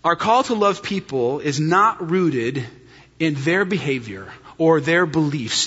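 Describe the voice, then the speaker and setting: A middle-aged man preaching a sermon as pastor, telling a story with animated jokes. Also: on the high side, slow pace, husky. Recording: dull sound in a hall with long reverb.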